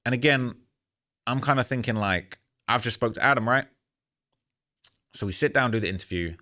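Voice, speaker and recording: A man's voice: mid-range voice, moderate pace, sharp tone. A man telling a story to camera in a candid, rambling way, frustrated and earnest, often saying "man" and "bro.". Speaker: YouTuber recounting a story to camera. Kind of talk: casual storytelling monologue.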